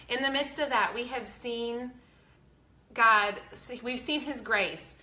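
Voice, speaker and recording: A woman's voice: fairly high pitch, measured pace, sharp tone, echoey room, a little hiss or hum. A woman, talking earnestly and chattily to her viewers, close to tears, with a faith-filled manner. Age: 40s. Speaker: vlogger. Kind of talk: casual heartfelt talk to viewers.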